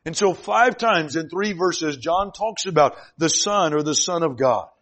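A male preacher delivering a sermon in a church, his voice sitting a little high for a man. He presses hard on key phrases, then drops to a hushed, drawn-out hush before building up again. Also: lively intonation. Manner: emphatic, swings between loud declaring and quiet, slowed delivery.

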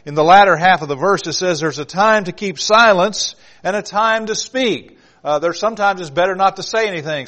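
A man's voice: on the high side, a bit bright. A man preaching an evening sermon, reading scripture aloud and driving his points home with emphasis. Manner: emphatic, reads scripture aloud with rising force.

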